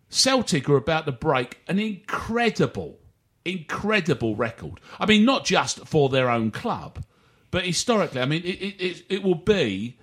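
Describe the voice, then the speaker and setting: A man's voice: on the high side, fairly bright tone. A man hosting a casual football chat, rambling and jokey with many restarts. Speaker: podcast host.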